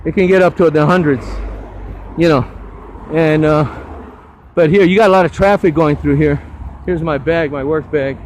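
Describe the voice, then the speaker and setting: A man's voice: a little high, steady tone, moderate pace, pauses often, darkish tone, slight background noise, low-quality recording. Rambling older man on a roadside walk. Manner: rambling, enthusiastic, stumbling restarts. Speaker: volunteer roadside litter cleaner. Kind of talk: casual walking tour to camera. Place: outdoors on a hillside road.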